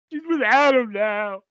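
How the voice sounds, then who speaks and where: A man's voice: very high-pitched, slow, fairly bright tone, no room sound, pitched above the performer's own voice, heavily acted. A man putting on the voice of a heartbroken, self-pitying male wrestler. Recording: dull, dry lo-fi audio.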